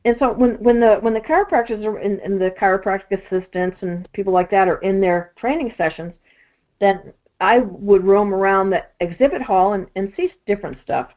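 A woman's voice: mid-range voice, a little fast. A woman who does energy work, telling long rambling stories in a casual chat, full of fillers and restarts. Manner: rambling, many "you know" fillers and restarts. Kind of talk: casual storytelling monologue. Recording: tinny phone-like audio.

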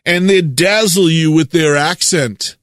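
A man from the United States delivers a preaching monologue in a fairly high voice, stretching his stressed words and repeating them to drive a point home. The sound is dry and close, with no room around it. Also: a bit bright, dry recording. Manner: emphatic, drawn-out stresses, repeats words for effect.

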